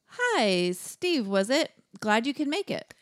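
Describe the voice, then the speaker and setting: A woman reading a brisk male shop interviewer. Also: fairly high pitch, sing-song, no room sound, clean studio sound. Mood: businesslike. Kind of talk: reading a comedy script aloud.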